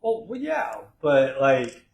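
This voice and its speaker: A man hosts a casual talk in a voice of ordinary pitch. He keeps things easygoing and chatty, tossing in jokey asides. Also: wildly swooping pitch, slow, creaky, darkish tone, highs cut off. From Texas, USA. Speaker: host. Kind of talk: casual conversational interview.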